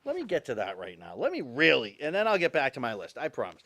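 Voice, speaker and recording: A middle-aged man hosting a talk show, holding forth on the issues of the day. His pitch swings widely and sits a little high for a man, and he hammers his points by saying them again and again. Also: huge pitch swings, fast, a bit bright. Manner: emphatic, repeats his points, talks straight to viewers. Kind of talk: opinionated talk show monologue.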